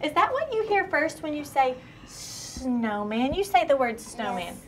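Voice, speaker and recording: A woman teaching a kindergarten class to read, her fairly high voice patient and full of questions. She stretches words out slowly for the children. The classroom recording carries clear background noise. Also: sing-song. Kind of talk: classroom shared reading lesson.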